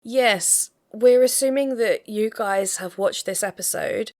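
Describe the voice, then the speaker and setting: Woman, co-host, casual chat, measured and analytical, mid-pitched voice. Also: a little mellow. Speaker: co-host of a reality show reaction podcast.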